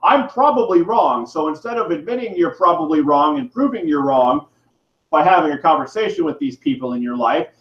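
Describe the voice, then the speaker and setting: A man with a fairly high voice rants in a preachy, irate way, dropping curse words to drive his points home. The sound is roomy and slightly dull, like a home video. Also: lively intonation, fairly quick. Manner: irate, preachy, swears for emphasis. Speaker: vlogger. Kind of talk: ranting monologue to camera.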